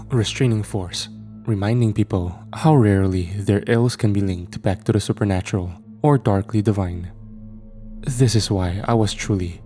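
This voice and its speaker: A man reading a first-person horror story aloud in a measured, steady storytelling manner. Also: lowish voice. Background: faint background music.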